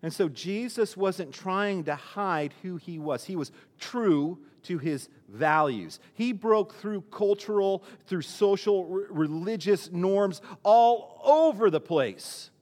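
Pastor guy giving a chatty sermon, kinda high voice, lots of restarts, hall echo. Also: lively intonation, slow, few pauses, darkish tone. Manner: conversational, with many restarts and fillers.

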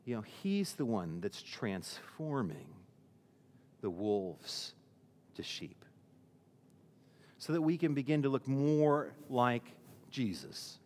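A man's voice: mid-range voice, animated, takes it slowly, darkish tone, in a large hall. A male pastor preaching a sermon in a conversational way, often restarting his sentences and using fillers.

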